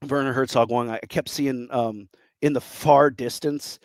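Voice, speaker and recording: With a medium-pitched, fairly even voice at a measured pace and no echo, this podcast co-host in his thirties chats casually. He rambles with enthusiasm and often performs the quotes he's relaying.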